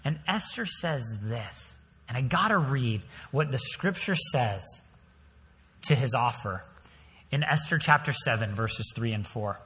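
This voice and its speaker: Pastor, animated sermon storyteller, bright forceful voice, long church reverb. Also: male voice, medium pitch, unhurried. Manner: animated storytelling, dramatic swings in volume.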